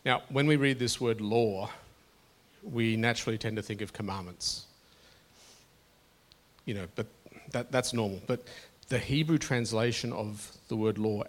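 A middle-aged man preaching a sermon to his congregation in an earnest, conversational way, often restarting his phrases. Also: fairly low pitch. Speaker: pastor.

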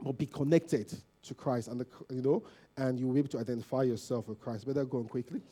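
A man giving a conversational sermon as a lay preacher, often checking in with "okay?" and "you know", rising loud at emphasis and trailing off low. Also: fairly even intonation, fast talker.

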